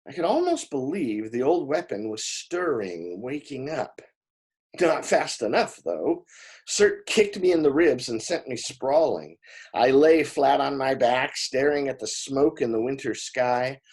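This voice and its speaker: A man reading a novel aloud in expressive first-person narration, with small slips along the way. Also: medium pitch, unhurried, breathy edge. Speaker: audiobook reader.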